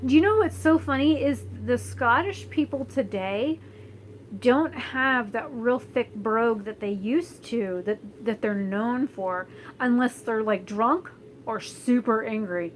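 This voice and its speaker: Doing her hair at home while reading live chat, a young vlogger from Florida talks to camera in a slightly high, slightly slow voice. Her chat is casual and blunt, wandering with fillers and restarts. There is a bit of hiss or hum on a rough recording.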